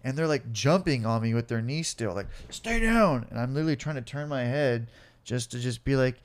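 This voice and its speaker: A man's voice: medium pitch, a little fast. Profane man telling a wild story. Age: late 20s or older. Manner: profane, animated, acts out cops and himself. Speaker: guest telling his life story. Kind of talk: casual storytelling interview.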